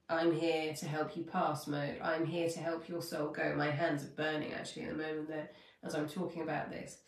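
Woman host, fairly low voice, heartfelt and rambling, echoey room with the mic set back. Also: far from the mic. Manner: heartfelt, rambling, self-correcting. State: near tears. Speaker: podcast host. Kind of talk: spiritual coaching talk.

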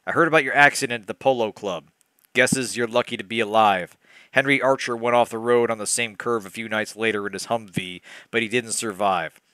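Man playing a calm middle-aged businessman, soothing, smooth, dry close sound. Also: fairly low pitch, no echo, voice pushed down.

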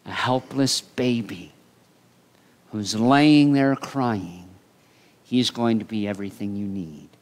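A male pastor preaching a sermon in an animated storytelling way. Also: fairly low pitch, takes it slowly, pauses often. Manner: animated storytelling, acting out voices.

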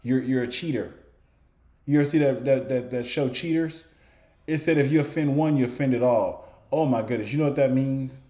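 A man's voice: medium pitch, normal speed, dark tone, reverberant. A man giving informal bible teaching, asking rhetorical questions and answering them in a conversational way. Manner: conversational, with chuckles and restarts. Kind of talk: informal preaching to camera.

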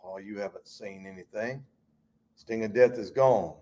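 A man leading a Bible study, preaching fervently in a folksy way and swinging between loud and hushed. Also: on the low side, measured pace.

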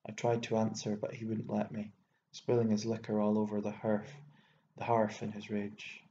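A man with an Irish accent narrating a literary audiobook in a low, level voice. His tone is mellow and dark. The recording is dull and lo-fi with a faint hiss. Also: monotone, moderate pace.

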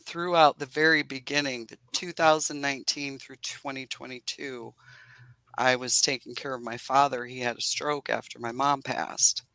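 Earnest, chatty woman beekeeper, bright voice. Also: a bass voice, steady tone, normal speed, no echo, rough recording. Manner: earnest, chatty, laughs often. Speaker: beekeeper guest. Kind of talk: casual video-call interview.

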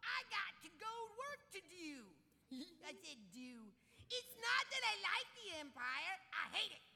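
A woman's voice: extremely high pitch, sing-song, a little slow, gravelly, sharp tone, full character voice. A woman voicing a whiny young farm boy hero in a live comedy script reading, giggly and flustered, breaking character. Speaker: voice actor in live parody reading. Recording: long reverb of a convention hall.

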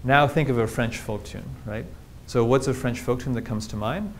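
A man's voice: mid-range voice, normal speed, a little hiss or hum. A man giving a public linguistics lecture with slides, explaining things plainly and throwing rhetorical questions at the audience.

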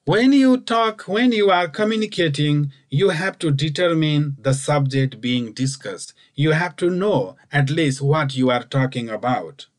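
Man, lecturer, slow deliberate delivery, repeats instructions, recorded lesson. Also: on the high side, expressive. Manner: slow, repetitive, instructive phrasing.

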